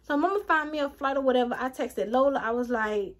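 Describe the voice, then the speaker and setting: A young woman telling a storytime vlog straight to her viewers, animated and acting out what people said. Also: high voice, fast. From Atlanta, USA. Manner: animated, talks straight to viewers, acts out quotes. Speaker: vlogger.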